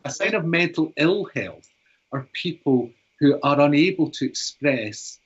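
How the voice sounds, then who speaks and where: A man's voice: on the high side, animated, measured pace, breathy edge. A man in his fifties from Britain, a psychotherapist reading a story aloud and then explaining his views in an earnest, searching way. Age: 50s. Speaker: psychotherapist and author. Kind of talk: storytelling and interview talk. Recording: dull lo-fi recording.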